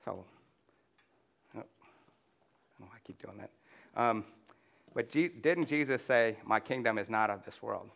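A man's voice: fairly low pitch, a little slow, gravelly, pauses often, a bit bright. Man preaching with many fillers. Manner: conversational, many "you know" fillers and restarts. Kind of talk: sermon with slides.

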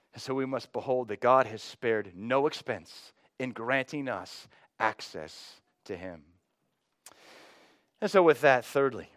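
A pastor from North Texas with a Texan accent, preaching a sermon with emphatic swells that fall back to quiet low phrases. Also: male voice, no room sound, studio quality. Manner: dynamic, rising to emphatic highs then dropping low.

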